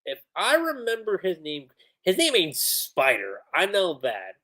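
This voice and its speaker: A man chats through an anime episode on a livestream. His pitch swings widely as he talks. He keeps quoting the characters mid-recap. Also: measured pace. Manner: animated, retells scenes quoting characters. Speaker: anime reviewer.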